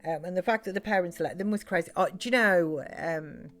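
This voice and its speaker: This British woman, middle-aged, keeps up a rambling, casual chat during a game stream, full of fillers and restarts. She talks fairly quickly in a lowish, slightly bright voice.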